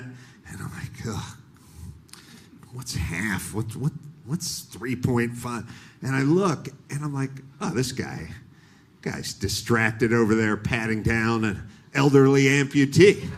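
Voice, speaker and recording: A man's voice: mid-range voice, fairly bright tone, slight background noise. A middle-aged man doing a stand-up comedy set on stage, telling a story with acted-out voices. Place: live comedy stage with audience.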